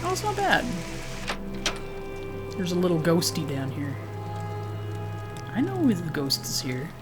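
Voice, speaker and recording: A woman gaming streamer speaks in a lowish voice with huge swings in pitch, keeping a measured pace. She chats casually through her let's-play to herself and viewers, shrieking at enemies as game music plays.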